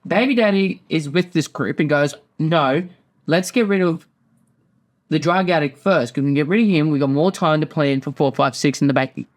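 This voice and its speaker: High-voiced man ranting casually. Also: moderate pace. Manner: rambling, swears often, acts out quotes. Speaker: podcast host. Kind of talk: casual profane recap.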